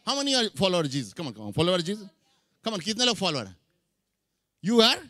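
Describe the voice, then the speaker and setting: A man's voice: high voice, huge pitch swings, very fast, sharp tone, no echo. A middle-aged man preaching a sermon, mixing English with Hindi phrases. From India. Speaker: pastor.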